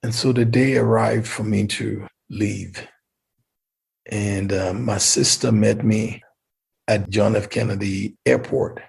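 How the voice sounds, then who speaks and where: Husky, gravelly man. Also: on the low side, slow. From Liberia. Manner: animated storyteller who acts out quoted voices. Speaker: interview guest, mayor. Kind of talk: personal storytelling in an interview.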